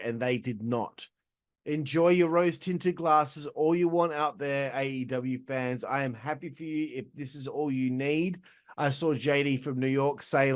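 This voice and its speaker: A young man hosting a casual show, giving a blunt, exasperated review and swearing freely. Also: mid-range voice. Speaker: host reviewing wrestling shows.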